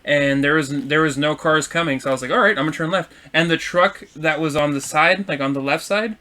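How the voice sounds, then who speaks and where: A man co-hosting a podcast, telling a story in casual, profane chat and acting out the insults he shouted. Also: a little high, fairly even intonation, fairly quick, a little hiss or hum. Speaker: podcast co-host.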